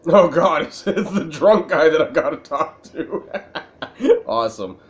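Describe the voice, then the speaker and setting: A man's voice: on the high side, lively intonation, measured pace. Rambling, slightly tipsy male gamer. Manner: rambling, self-mocking, laughs at his own jokes. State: a little tipsy. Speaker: gaming video creator. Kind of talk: let's-play commentary.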